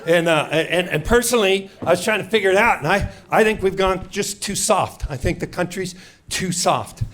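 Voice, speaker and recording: Loud crowd laughter and room noise surround a middle-aged stand-up from Seattle, USA, performing for a live comedy club audience. In a high voice at a moderate pace, he's brash and mock-indignant, rattling off punchy rhetorical questions.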